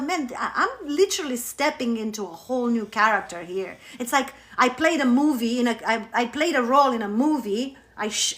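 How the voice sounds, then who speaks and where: A woman hosting a live stream from home as a spiritual coach, telling a story in a candid, animated way and swearing freely. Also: sits high. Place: at home on her couch. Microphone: phone.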